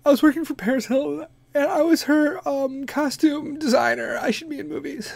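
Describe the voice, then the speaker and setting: A man putting on the voice of a ditzy, whiny celebrity woman who asks slow, confused, defensive questions. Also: very high voice, steady tone, creaky, darkish tone, dry recording, voice pushed up.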